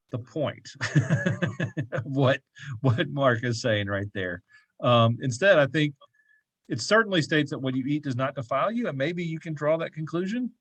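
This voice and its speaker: After slowly reading scripture aloud, a mid-range male voice drifts into loose, casual Bible study teaching full of asides, laughs and "right?" checks. He leads a church Bible class, and the recording is dry and low in quality.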